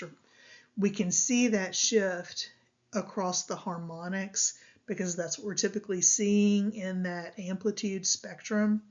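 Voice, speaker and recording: Slow, deliberate woman lecturing. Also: mid-range voice, highs cut off. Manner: slow, deliberate explaining with frequent ums. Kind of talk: recorded lecture on speech science.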